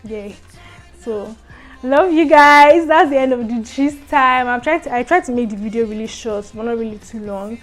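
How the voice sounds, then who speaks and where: A young woman tells a storytime vlog, her voice sitting a little high. She talks in an animated way, swinging between loud bursts and hushed asides. Faint music plays under her. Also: moderate pace. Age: young adult. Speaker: vlogger.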